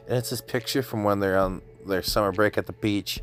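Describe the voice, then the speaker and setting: A man casually recapping an anime episode, chatty and excited, slipping into quick voices for the characters. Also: fairly low pitch, faint music behind. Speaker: anime reviewer.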